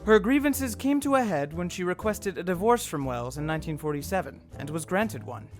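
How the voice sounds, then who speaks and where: A man co-narrating a podcast in a dry, deadpan manner. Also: sits high, a little fast, faint music behind.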